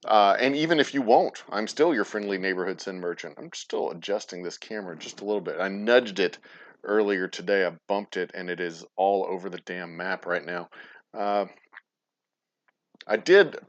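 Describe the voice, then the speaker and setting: A man's voice: deep voice, moderate pace, lo-fi sound. A man hosting a distillery livestream, rambling casually, cursing and stumbling over his words. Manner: rambling, profane, stumbles and restarts often. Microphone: plugged-in mic at the desk.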